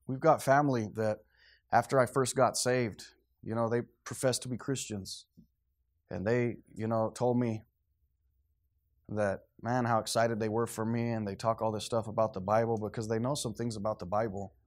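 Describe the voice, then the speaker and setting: A man in his thirties preaching a sermon in a conversational, animated way, acting out quotes and asides. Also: on the low side, normal speed. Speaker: pastor.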